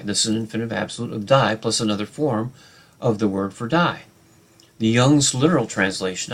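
Lower-voiced man teaching a Bible study. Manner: unscripted, with many fillers and restarts; explains Hebrew grammar and reads scripture aloud.

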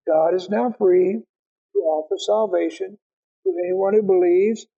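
Gravelly man teaching the Bible. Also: sits high, animated, dull audio. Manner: reads scripture slowly, explains in quick asides. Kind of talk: Bible study lecture.

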